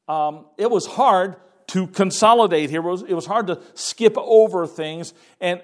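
A man delivering a sermon with a slightly raised pitch. His delivery is conversational and unpolished, with pauses and repeated words as he works through his points. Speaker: preacher.

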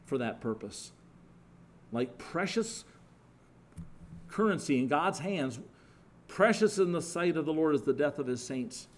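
Man preaching a sermon, conversational, animated storytelling, restarts and asides, somewhat high-pitched. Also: slight background noise.

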